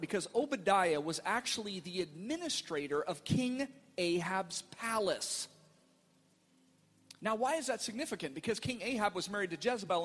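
A middle-aged male pastor telling a family story in a sermon, animated and playful, acting out the voices in his quotes. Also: high voice, breathy edge, big-room sound.

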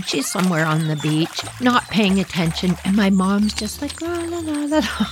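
Animated woman telling a childhood story. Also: mid-range voice, noisy background. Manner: animated, dramatic retelling with asides to listeners. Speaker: podcast host. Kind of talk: personal storytelling.

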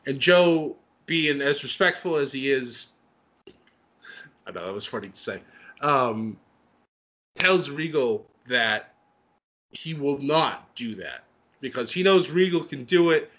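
A man chatting casually and excitedly as he recaps a wrestling show, with lots of fillers and laughter. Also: mid-range voice, takes it slowly, pauses often. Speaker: wrestling podcast co-host.

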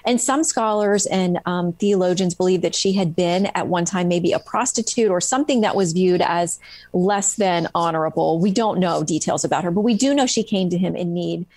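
A woman's voice: on the low side, normal speed, darkish tone, dry recording. A woman author retelling stories from her book in a casual interview, with many ums and restarts. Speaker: author guest.

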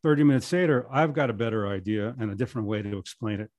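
A man's voice: on the low side, fast talker, a little mellow, no room sound, clean studio sound. A middle-aged man, a podcast guest, telling rambling anecdotes casually with many restarts. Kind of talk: casual storytelling.

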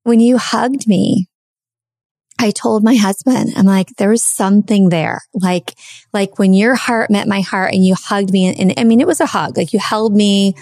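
A woman's voice: medium pitch, normal speed, darkish tone, no echo, studio quality. Chatty woman telling a heartfelt story. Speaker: podcast host. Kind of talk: casual podcast conversation.

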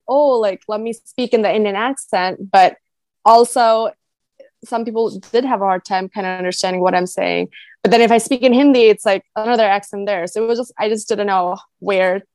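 A woman's voice: medium pitch, a little mellow, no room sound. A young American woman, a podcast guest, chatting casually and often laughing and acting out what people said. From United States (Michigan). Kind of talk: casual interview chat.

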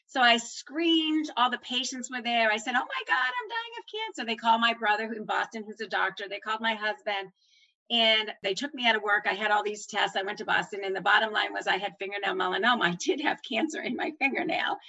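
Bright-voiced woman telling a story. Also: mid-range voice, a little fast, rough recording. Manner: animated, acts out the voices of doctors and herself. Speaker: former nurse manager telling her story. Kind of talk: personal storytelling.

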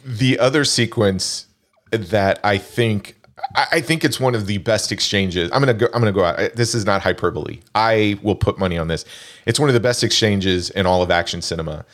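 A man casually discussing a film, animated and laughing often, with frequent restarts. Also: fairly low pitch, fairly quick.

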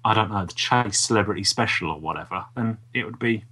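A man co-hosting a podcast, calmly reasoning through points in casual chat. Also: on the low side, fairly quick, breathy edge. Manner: reasoned, explains at length. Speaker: podcast co-host.

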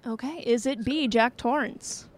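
A woman's voice: on the high side, unhurried. A woman hosting a trivia quiz, reading out questions and answer choices with playful banter and frequent laughter. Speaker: trivia game host.

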